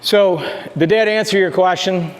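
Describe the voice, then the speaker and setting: A man working as a dog trainer, explaining calm greetings in a plainspoken way while he talks to a dog. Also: sits high, normal speed, long reverb tail. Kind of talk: casual instruction to camera.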